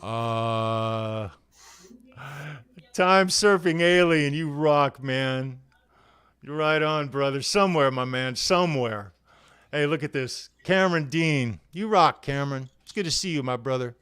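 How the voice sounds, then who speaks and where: Laid-back man greeting viewers, smooth voice. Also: medium pitch, unhurried, fairly bright tone, no echo, studio quality. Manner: laid-back, friendly, says "right on, man" often. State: worn out from heavy physical labor. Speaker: live show host. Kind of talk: casual livestream chat greeting viewers.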